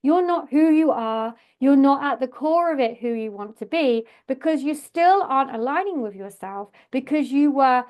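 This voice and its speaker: Candid, high-voiced woman podcast host. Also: lively intonation, normal speed, few pauses, muffled recording. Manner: candid, swears casually, repeats words for emphasis. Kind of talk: casual monologue on cycles.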